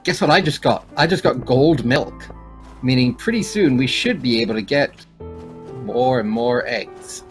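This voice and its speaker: A man co-hosting a casual gameplay chat, animated and quick to swear, with sudden jumps in pitch when excited. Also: faint music behind. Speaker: gaming co-host.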